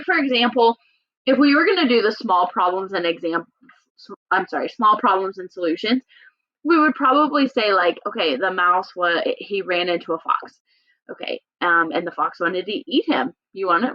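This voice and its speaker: A woman teacher explaining a lesson casually, chatty, with fillers and self-corrections. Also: medium pitch. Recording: dull lo-fi recording.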